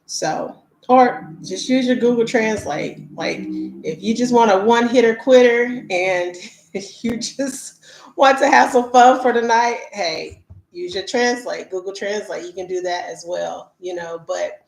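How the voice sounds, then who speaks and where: A woman's voice: medium pitch, unhurried, vocal fry, a little hiss or hum. A woman travel vlogger from the United States telling her viewers candid stories in a chatty, casual way with lots of fillers. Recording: roomy echo.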